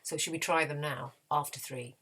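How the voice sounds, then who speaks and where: A woman teaching a children's music lesson, gently and encouragingly, with playful voice demonstrations. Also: deep voice, steady tone, normal speed, slight background noise. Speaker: primary school music teacher.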